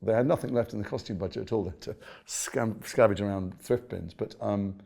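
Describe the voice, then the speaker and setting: A British actor telling stories in an interview, animated and self-mocking. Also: male voice, on the low side, a little fast, creaky. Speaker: actor guest. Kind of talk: conversational interview.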